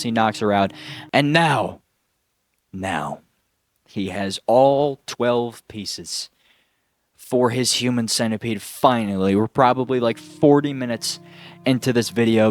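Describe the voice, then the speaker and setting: A man hosting a casual horror movie review, excitable and jokey with sarcastic asides. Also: medium pitch, moderate pace, noisy background.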